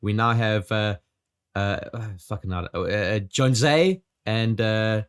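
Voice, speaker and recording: A man hosting a casual podcast with a sore throat, rattling through the housekeeping in a quick radio-host manner with stumbles. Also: fairly low pitch, clear, resonant tone.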